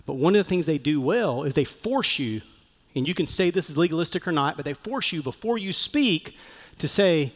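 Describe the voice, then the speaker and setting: A male pastor delivers a sermon in a lively, animated way, slipping into the voices of the people he quotes. His voice sits somewhat high for a man. A long reverb from the church hall trails each phrase. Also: brisk. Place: church sanctuary.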